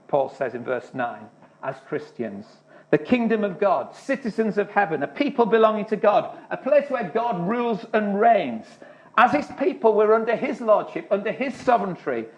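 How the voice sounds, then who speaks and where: A man preaching a sermon, speaking earnestly and often restarting his words. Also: high voice. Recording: dull lo-fi recording.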